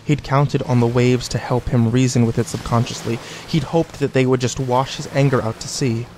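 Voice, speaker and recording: A man reading a scripted horror story in a measured, deliberate way. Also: mid-range voice, fairly even intonation, a little mellow, slight background noise. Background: faint background music.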